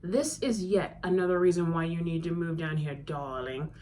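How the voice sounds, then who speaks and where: A woman voicing a playful, theatrical male best friend who teases in a lively way. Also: deep voice, measured pace, slight background noise. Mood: teasing. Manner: teasing and theatrical.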